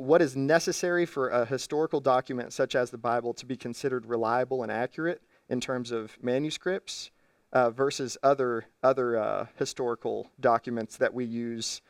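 A man's voice: mid-range voice, dry recording, clean studio sound, recorded from a distance. A man preaching a sermon from a church stage, teaching his congregation step by step in an earnest way. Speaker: pastor.

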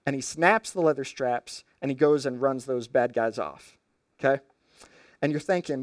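A man preaching a storytelling sermon in a conversational, animated way with slangy asides. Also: medium pitch, moderate pace, no room sound, studio quality.

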